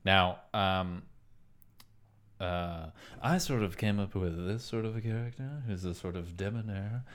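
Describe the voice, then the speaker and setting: A man's voice: low-pitched, a little slow, fairly bright tone. A man hosting a casual comedy podcast, rambling and trying out voices between thoughts. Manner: rambling, tries out impressions mid-sentence. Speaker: podcast host.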